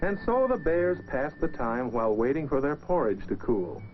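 A man narrating a children's story in a gentle, lilting voice, speaking to young listeners. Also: medium pitch, sing-song, normal speed. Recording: dull lo-fi record with music.

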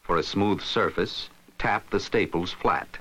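A man giving scripted narration for an instructional film, explaining steps in a steady, instructive way. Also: low voice, a little slow, rough recording.

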